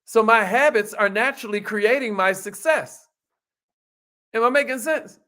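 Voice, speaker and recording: A middle-aged man giving a motivational talk to a live call audience, folksy and animated, calling out to his listeners. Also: high-pitched, normal speed. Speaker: motivational speaker.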